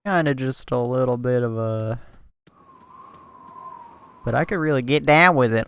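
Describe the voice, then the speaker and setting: A man's voice: mid-range voice, a little slow, pauses often, a bit bright, smooth. A young man with a slight Southern twang, rambling crudely and laughing through casual gameplay commentary at a home mic. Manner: vulgar, rambling, laughs often. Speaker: gaming YouTuber. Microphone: desktop mic at home.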